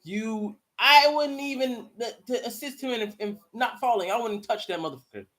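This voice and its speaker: A man hosting a live watch party, commenting casually and profanely on the game with excitable outbursts. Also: very high-pitched, normal speed. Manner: profane, excitable, bursts into mocking shouts. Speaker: live stream host.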